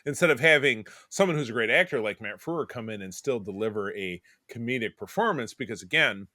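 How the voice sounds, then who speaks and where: A man's voice: medium pitch, animated, brisk, bright, forceful tone, no echo, studio quality. A man in his forties co-hosting a podcast in casual chat, rambling and digressive with many restarts. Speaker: podcast co-host.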